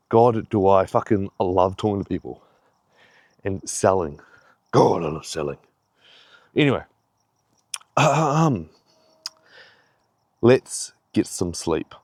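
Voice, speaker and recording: A man's voice: deep voice, a little mellow, dry recording, studio quality. A young man giving a rambling, heavily profane pep talk in a casual vlog, a little out of breath. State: slightly out of breath. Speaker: fitness vlogger.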